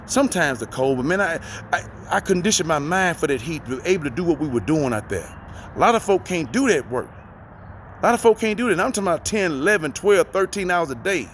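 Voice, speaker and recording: A man's voice: fairly high pitch, slight background noise. A middle-aged man giving folksy, preachy life advice in a casual motivational talk, repeating phrases for emphasis, talking from inside a vehicle.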